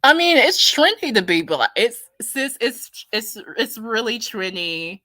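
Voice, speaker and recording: A woman's voice: a little high, very animated, measured pace, bright, forceful tone, no room sound. A woman giving a casual, heated, profane opinion rant to her viewers, blunt and repeating herself for emphasis. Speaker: commentary streamer.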